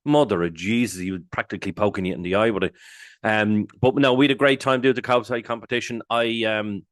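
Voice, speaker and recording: An Irish man with a lowish voice, spinning a rambling anecdote on a podcast. He is animated, curses freely and bursts into loud impressions of what people said. The sound is dry and close. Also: fairly quick, no room sound. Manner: animated, swears freely, jumps into loud quoted exclamations. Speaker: podcast co-host. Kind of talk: casual storytelling chat.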